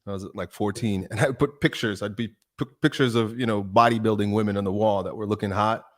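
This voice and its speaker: A man's voice: lowish voice, steady tone, fast talker. A man, a fitness video maker, talking as a podcast guest in an earnest, emphatic and preachy way. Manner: emphatic, preachy, builds up to strong statements. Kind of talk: earnest interview conversation.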